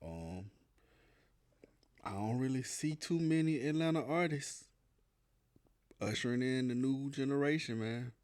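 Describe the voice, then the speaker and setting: A man's voice: mid-range voice, animated, a little slow, long pauses, a little mellow, clean tone. A man co-hosting a podcast, talking in a laid-back, slangy way with lots of restarts. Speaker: podcast co-host, production company owner. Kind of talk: casual podcast chat. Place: Atlanta.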